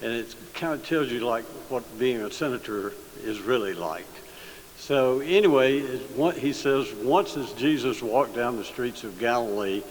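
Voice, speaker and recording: A man, a state senator telling an audience a joke story in an easygoing, halting way with many fillers. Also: medium pitch. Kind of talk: folksy speech with a joke story. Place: large hall, addressing an audience. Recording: long hall reverb, faint hiss.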